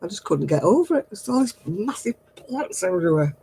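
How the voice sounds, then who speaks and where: A woman's voice: fairly low pitch, very animated, a little fast, vocal fry, warm tone, a little hiss or hum, low-quality recording. A woman, chatting casually with viewers on a craft livestream, laughing often and dropping homely exclamations. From northern England.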